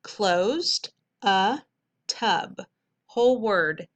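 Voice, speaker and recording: Bright-voiced woman teaching a phonics lesson. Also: medium pitch. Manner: clear, patient, instructive, stretches sounds out slowly. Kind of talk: recorded phonics lesson for students.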